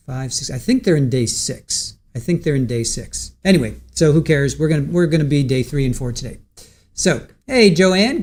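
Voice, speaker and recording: A man's voice: fairly high pitch, darkish tone. A man hosting a casual livestream about a court trial, greeting chat viewers by name and recapping the case with many ums and restarts. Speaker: livestream host covering a trial.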